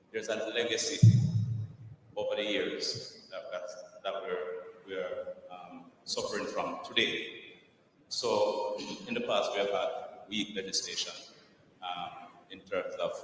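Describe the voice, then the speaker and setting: A man's voice: low voice, big-room sound, distant mic, rough recording. Hesitant man answering from a panel. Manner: hesitant, many fillers and repeats. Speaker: police commissioner. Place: conference hall.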